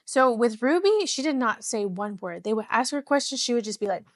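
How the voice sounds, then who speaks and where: A woman's voice: on the high side, expressive, a little fast, no room sound, studio quality. A woman hosting a podcast, retelling a true-crime case in casual chat, rambling with lots of restarts and fillers. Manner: chatty, rambling, full of "like" and restarts. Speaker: podcast host.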